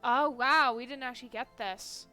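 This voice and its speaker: A woman's voice: on the high side, steady tone, moderate pace, bright, forceful tone, smooth, soft background music. A woman on a casual live game stream who reacts with jokes, laughs often and reads lines aloud. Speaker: streamer reading game dialogue.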